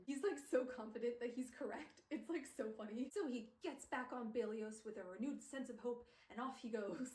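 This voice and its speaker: Gushing and emotional, a woman streamer chats through a book recap, her speech packed with "like." She talks at normal speed with few pauses in a fairly high but darkish voice, captured on a phone camera in a low-quality, roomy recording.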